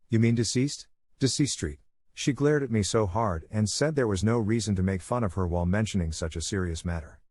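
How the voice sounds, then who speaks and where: Deep-voiced man reading comments aloud. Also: darkish tone, no echo. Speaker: narrator reading reddit comments. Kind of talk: scripted narration.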